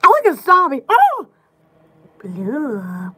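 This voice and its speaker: A woman in casual, rambling chat, excitable and giggly, often restarting her sentences. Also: very high-pitched, slow pace. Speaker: store vlogger.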